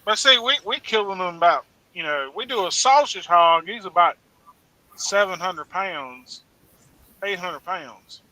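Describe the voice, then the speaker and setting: A hog farmer talks plainly, stopping and restarting as he goes. His voice is high for a man and very sharp and bright. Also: expressive, no room sound, poor audio. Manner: halting, plain-spoken. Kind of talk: casual chat.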